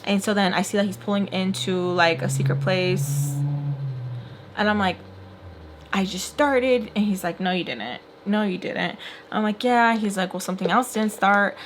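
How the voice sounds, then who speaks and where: A woman's voice: mid-range voice, normal speed, background noise. A young woman vlogger telling a long personal story in casual chat while doing makeup, full of fillers and acted-out quotes. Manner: chatty, filler-heavy, acts out quoted voices.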